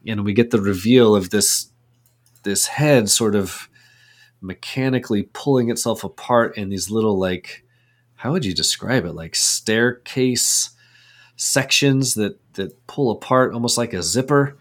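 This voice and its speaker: A man's voice: on the low side, measured pace. A man co-hosting a movie podcast, chatting casually and describing scenes step by step, laughing often. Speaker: podcast co-host.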